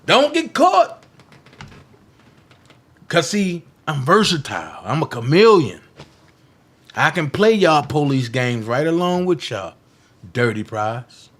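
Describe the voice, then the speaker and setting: With a fairly high pitch and big pitch swings, a man speaks unhurriedly while hosting a political livestream. He mocks his critics in a heated, defiant monologue, hammering phrases through repetition and veering from loud outbursts to hushed asides.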